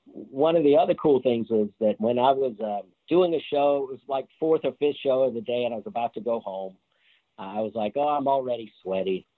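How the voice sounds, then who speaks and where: A man's voice: mid-range voice, a little fast, no echo. A man telling stories about his years as a street performer in a casual interview, laughing as he goes. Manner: animated, laughs through his anecdotes. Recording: tinny phone-like line, dry.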